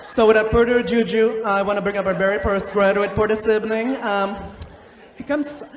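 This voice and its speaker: Live stand-up bit: male comic as a high-voiced, bossy, flamboyant teacher host, theatrical and scolding, echoey hall with a loud crowd. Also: steady tone, normal speed, slight background noise, lightly acted. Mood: mocking. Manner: theatrical, swooping, scolding asides, laughing through lines. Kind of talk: live stand-up character comedy. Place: live stage show in a large hall. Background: crowd laughing and reacting.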